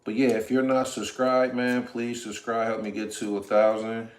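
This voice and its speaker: A man's voice: mid-range voice, level tone, normal speed, reverberant. A man hosting a casual livestream from his home kitchen, chatting easily with viewers while he cooks. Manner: laid-back, chatty, talks to viewers in chat. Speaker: livestream host.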